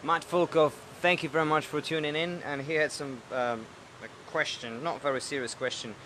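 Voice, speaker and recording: A man's voice: fairly high pitch, steady tone, moderate pace, sharp tone, slight background noise. A man hosting a casual live show, chatty with many fillers, reading out viewer questions. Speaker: show host. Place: Indian restaurant.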